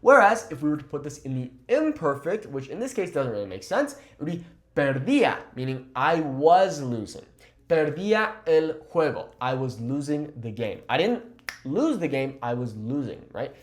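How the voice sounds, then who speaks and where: A young man gives a language lesson. His voice sits a little high and swings up and down as he explains each phrase and what it means. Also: normal speed. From California. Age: 20s. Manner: lively explaining, switches between English and Spanish. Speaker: Spanish teacher.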